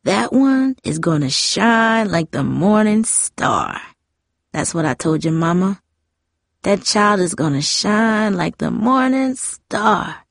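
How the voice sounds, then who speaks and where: A frail old grandmother, read by a woman, slow and fond, her talk drifting as she goes. The voice is close and dry. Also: mid-range voice, expressive, dry recording. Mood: tender, wandering.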